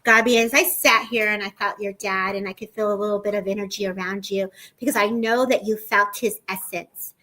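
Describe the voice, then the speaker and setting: Woman, psychic medium, soft earnest delivery, live-stream reading, mid pitch. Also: fairly even intonation, a little fast, hardly any pauses, low-quality recording. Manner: soft, earnest, repeats "I feel like".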